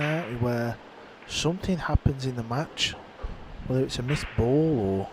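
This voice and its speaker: A man's voice: mid-range voice, noisy background. A man giving live pool commentary in a conversational way, musing on how mistakes shake the players. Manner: conversational, reflective on players' mindset.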